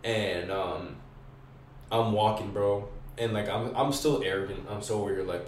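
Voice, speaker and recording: A young man with a lowish voice tells a rambling, profane story in thick slang, voicing what he and others said. He sits some way from the mic in an echoey room, with a faint hiss underneath. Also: steady tone, normal speed. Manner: slangy, profane, acts out his own quotes. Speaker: podcast guest. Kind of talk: casual storytelling. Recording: roomy, distant mic, faint noise.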